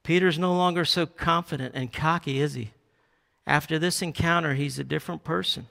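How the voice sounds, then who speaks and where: A male pastor preaching a sermon, animated, acting out quoted Bible lines with a raised voice. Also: on the high side, a little fast, vocal fry. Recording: long hall reverb.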